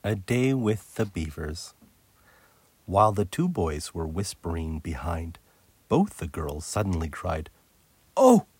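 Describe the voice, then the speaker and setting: A man narrating a children's novel aloud in an expressive read-aloud manner. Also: sits low, measured pace, slightly rough, no room sound. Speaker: audiobook narrator. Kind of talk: storybook narration.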